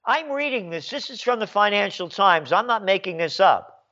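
High-voiced guy doing a slow sarcastic rant, bit muffled sound. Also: animated, pushed and bright. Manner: sarcastic and mocking. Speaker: commentary show host. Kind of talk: ranting commentary.

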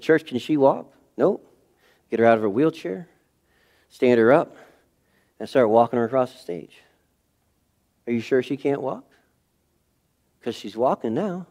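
Middle-aged man, pastor, animated storytelling sermon, mid-range voice. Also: medium pitch. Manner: animated storytelling, acting out scenes with sudden shifts in loudness. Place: church sanctuary.

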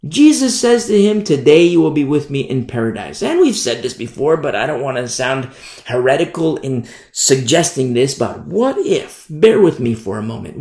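A male preacher delivers a sermon in a loose, conversational style, often restarting phrases and dwelling on single words. His delivery rises and falls with lively shifts in pitch. The sound carries a roomy echo.

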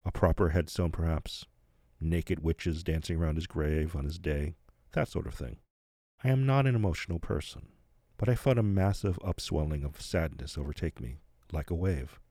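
A middle-aged man from New Jersey hosting a podcast, telling a story in measured, plain-spoken scripted narration. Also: a bass voice, mellow, no room sound. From United States, New Jersey. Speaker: podcast host.

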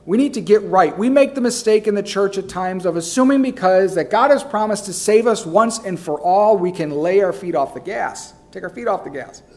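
Preaching at a normal speed with few pauses, a pastor in a fairly high voice keeps repeating key phrases for emphasis. His delivery moves from hushed, low asides up to loud, rising calls.

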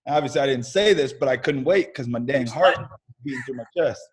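Young american guy telling stories on a video call, casual and candid, swears a little, mid pitch. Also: quick pace. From United States. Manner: lively storyteller, casual and candid, mild swearing. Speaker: podcast guest, pro baseball player. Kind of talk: storytelling in a casual interview.

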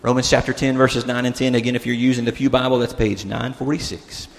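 A man preaching a sermon as pastor, animated and expressive, acting out the disciples' words and dropping to a soft tone for emphasis. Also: medium pitch, quick pace, gravelly. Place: church sanctuary. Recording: long church-hall reverb.

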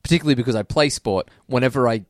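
A man's voice: medium pitch, racing, no echo, clean studio sound. A man co-hosting a podcast in casual chat, playful and fond of quoting lines. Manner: playful, often breaks into quoted character voices. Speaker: podcast co-host.

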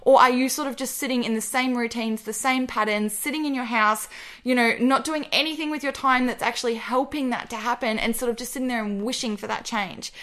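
A woman's voice: on the high side, steady tone, a little fast, fairly bright tone. A young woman, hosting a casual motivational podcast in a bubbly, upbeat way and calling her listeners babe. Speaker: podcast host.

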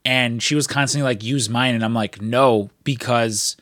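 A man's voice: mid-range voice, steady tone, normal speed, a bit bright, dry recording, studio quality. A man telling long stories in casual chat, rambling with many fillers and frequent swearing.

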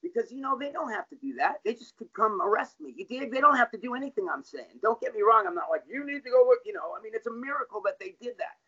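A man's voice: sits high, expressive, fast talker, few pauses, sharp tone, husky. Blunt, profane middle-aged man, lo-fi. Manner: blunt, profane street talk. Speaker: interviewee. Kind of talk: candid personal storytelling. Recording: dull lo-fi recording.

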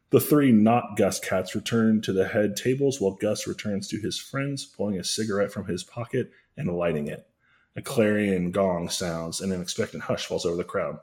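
A man's voice: on the low side, darkish tone. A man co-hosting a podcast, narrating a parody story in a casual comedic way, with asides and chuckles.

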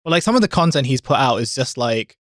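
A man's voice: mid-range voice, big pitch swings, fast, dry recording, clean studio sound. A man hosting a podcast in casual chat, rambling with many "like" fillers. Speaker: podcast host.

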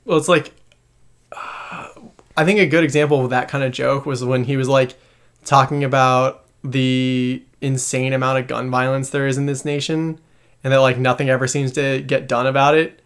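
A man's voice: mid-range voice, flat delivery, moderate pace, clear, resonant tone. A man co-hosting a podcast in casual chat, laid-back, retelling jokes he heard. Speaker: podcast co-host.

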